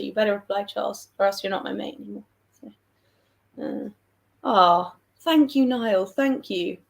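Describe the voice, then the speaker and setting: Young woman, southern English accent, mid-pitched, chatty livestream host who rambles and jokes at her own expense. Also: creaky. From England. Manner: chatty, rambling, self-deprecating, reads out viewer comments. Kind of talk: casual livestream chat.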